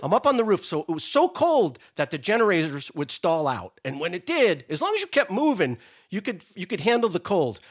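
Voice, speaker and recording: A man in his sixties from New England, a guest telling a story in casual chat, animated, profane and self-mocking. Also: high-pitched, brisk.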